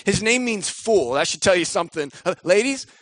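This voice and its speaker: A man's voice: sits high, lively intonation, brisk, fairly bright tone, no room sound. A young man preaching a sermon in a casual, joking manner, slipping into quoted voices. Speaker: pastor.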